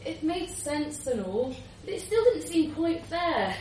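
A woman reads a story aloud with a lively voice that swings up and down. She sounds somewhat high, heard from a distance in a roomy live space. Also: a little slow, a little hiss or hum. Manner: lively, expressive narration. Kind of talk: live reading of a short story.

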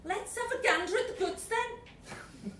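A woman voicing a coarse, cocky male devil with a put-on Liverpool accent, gruff and mocking, in a storytelling reading. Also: very high voice, measured pace, background noise, voice pushed up. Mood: brash, mocking. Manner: gruff, brash, sniffing, mocking. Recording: echoey room from a distance.

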